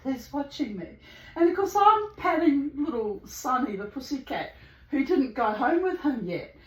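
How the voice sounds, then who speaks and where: Laughing high-voiced woman telling a story. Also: moderate pace, echoey room, rough recording. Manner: animated, laughing often, acting out the people in her stories. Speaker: vlogger. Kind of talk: casual storytelling. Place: room at home with bird cages.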